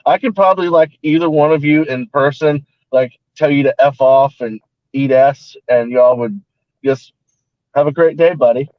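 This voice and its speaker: A man's voice: medium pitch, steady tone, moderate pace, no echo. Hesitant man on a dry, muffled call. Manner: hesitant, fills with "like" and "uh". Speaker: panel guest. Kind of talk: casual panel chat.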